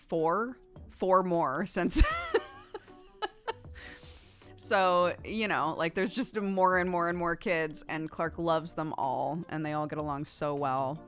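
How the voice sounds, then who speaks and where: American woman streamer, low voice, rambling casual chat, laughs a lot, faint music behind. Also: a bit bright. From United States. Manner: rambling, chatty, laughs often.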